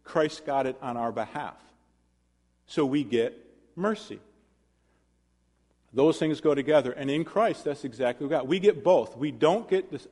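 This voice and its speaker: A man's voice: fairly high pitch, darkish tone. A male pastor preaching a sermon in a conversational way, with self-deprecating asides and questions to the congregation. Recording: long hall reverb.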